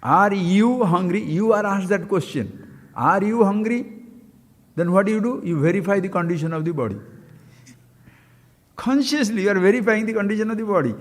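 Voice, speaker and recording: A man's voice: high voice, lively intonation, brisk, long reverb tail. A man giving a spiritual talk, asking his listeners questions and repeating key phrases to stress them. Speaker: spiritual teacher. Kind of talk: live-streamed spiritual talk.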